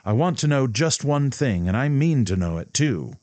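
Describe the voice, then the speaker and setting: A man's voice: mid-range voice, sing-song, moderate pace, darkish tone, dry recording, pitched above the performer's own voice, natural voice. A man voicing a proud, hot-headed young man who speaks indignantly and demands answers.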